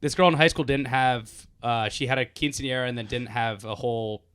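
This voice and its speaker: A man's voice: medium pitch, fairly quick, fairly bright tone, clear, resonant tone, no echo. Laid-back young man telling stories. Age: 20s. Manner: laid-back, laughing storyteller. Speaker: podcast guest. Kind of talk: casual chat.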